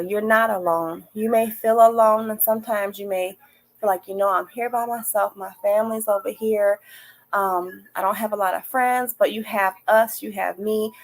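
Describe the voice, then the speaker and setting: A woman's voice: mid-range voice, poor audio. Woman giving a live card reading. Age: older. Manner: warm, emphatic, repeats phrases, talks straight to viewers. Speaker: podcast host reading oracle cards.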